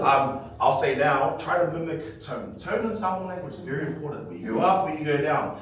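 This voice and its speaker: Hoarse man teaching a group in a hall. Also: fairly high pitch, brisk. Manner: animated, quizzes the group, explains with humor. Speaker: Samoan language workshop teacher. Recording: echoey hall, from far off, crowd around.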